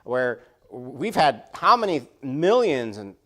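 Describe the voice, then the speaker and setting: Pastor preaching a conversational sermon. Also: male voice, medium pitch, very animated, slow. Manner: conversational preaching, repeating phrases, many rhetorical questions. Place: church sanctuary.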